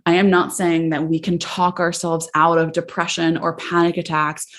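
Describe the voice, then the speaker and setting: Candid young woman podcast host, low voice. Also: level tone, normal speed. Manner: candid, emotional, says "like" often. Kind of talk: personal storytelling on a podcast.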